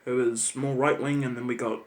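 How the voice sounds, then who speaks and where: A man's voice: mid-range voice, flat delivery, brisk, a little hiss or hum. A man with a New Zealand accent, ranting in an angry, sarcastic vlog monologue full of swearing. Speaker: channel host.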